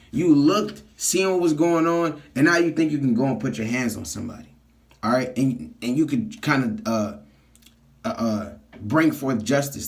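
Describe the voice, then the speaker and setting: A man preaching from scripture, reading verses aloud and then explaining them in plain talk, often checking in with "all right?". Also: on the high side. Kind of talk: street sermon teaching scripture.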